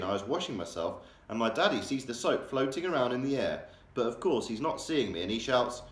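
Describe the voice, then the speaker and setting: A man's voice: fairly low pitch, sing-song, a little fast. A male primary school teacher reading a children's novel aloud, changing his voice for the characters. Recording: echoey room.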